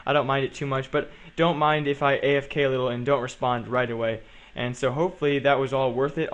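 A teenage boy hosting his own gaming channel, rambling through casual gameplay commentary and correcting himself as he goes. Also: medium pitch. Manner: rambling, chatty, self-correcting.

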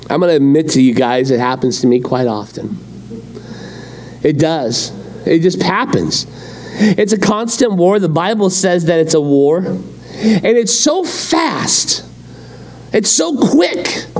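A male pastor preaching a sermon, telling a story in an animated way and acting out the quotes. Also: fairly high pitch. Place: church.

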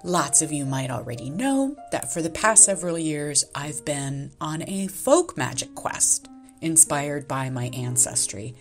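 A low-voiced woman with a slightly gravelly edge speaks slowly and softly as she chats and narrates. Her talk is gushing and often breaks into laughter. Music plays behind her. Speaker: art vlogger. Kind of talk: casual vlog chat and voice-over narration.

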